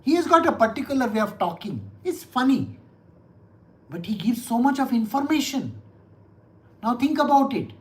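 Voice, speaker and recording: Man giving an animated scripture talk. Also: extremely high pitch, normal speed, long pauses, rough recording. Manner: animated, many rhetorical questions. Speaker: spiritual teacher. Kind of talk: scripture lecture.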